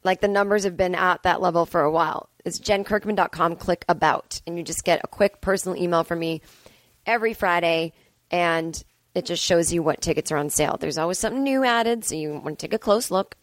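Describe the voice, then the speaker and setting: A woman's voice: on the low side, brisk, no room sound. Sarcastic, swearing woman comedian ranting. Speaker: comedian and podcast host. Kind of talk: casual solo monologue. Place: at home.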